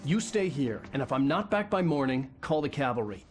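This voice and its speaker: A man's voice: mid-range voice, sing-song, fairly quick, close to an everyday voice. Male actor as blunt, impatient writer lead in a game; distant audio, music underneath. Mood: stern. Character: grim determined male writer hero. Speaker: game character.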